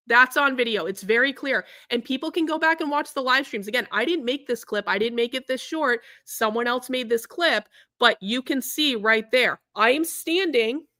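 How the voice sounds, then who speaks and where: A woman's voice: on the high side, sharp tone, no echo, clean studio sound. A woman hosting her own livestream, talking in a heated, profane and indignant way to her viewers. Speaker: livestream host.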